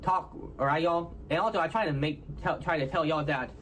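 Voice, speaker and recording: A man from Houston with a Texan accent, speaking in halting, hard-to-follow phrases and ending nearly every phrase with "all right, y'all?". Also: a little high, fairly bright tone, a little hiss or hum. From Houston, Texas. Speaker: content creator in a played clip. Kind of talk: casual self-explaining talk to viewers.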